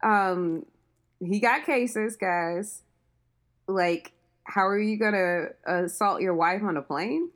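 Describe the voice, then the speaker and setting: A woman's voice: mid-range voice, takes it slowly. A woman co-hosting a podcast in casual chat, making blunt, slangy remarks and giving strong opinions. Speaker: podcast co-host.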